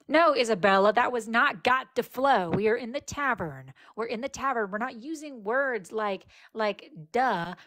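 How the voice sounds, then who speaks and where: A woman's voice: medium pitch, a bit bright. A woman hosting a live stream, running an improvised tavern role-play in a theatrical, mock-archaic tavern-keeper manner into a phone.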